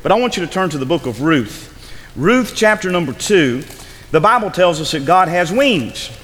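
High, lively preacher in a reverberant hall. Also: male voice, normal speed, a little hiss or hum. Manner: emphatic, repeats words, acts out scripture. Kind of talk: sermon.

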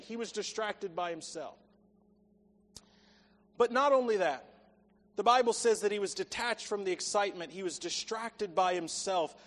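A man's voice: high-pitched, normal speed, pauses often, a bit bright. A man preaching a sermon in an earnest, emphatic way, quoting scripture. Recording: long echoey hall reverb.

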